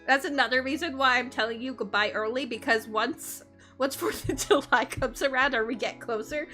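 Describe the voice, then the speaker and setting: A woman's voice: sits high, normal speed, bright, forceful tone, faint music behind. A woman from Canada chatting casually on a livestream, bubbly and giggly, rambling and laughing often. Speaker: streamer.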